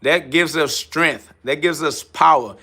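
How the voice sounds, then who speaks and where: A man's voice: a little high, measured pace, bright, forceful tone, slightly rough. A man hosting a live stream, answering chat in a brash, confrontational, profane way and mocking commenters. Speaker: livestream host.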